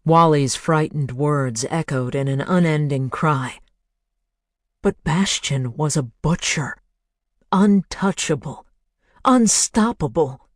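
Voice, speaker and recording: An audiobook narrator reading a thriller in a measured, hushed voice. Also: mid-range voice, dry recording, studio quality. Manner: measured, hushed, building to intense.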